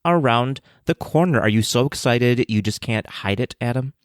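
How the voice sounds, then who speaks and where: A man's voice: mid-range voice, moderate pace, no echo, clean studio sound. A man co-hosting a podcast in casual, playful banter, often laughing. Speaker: podcast co-host.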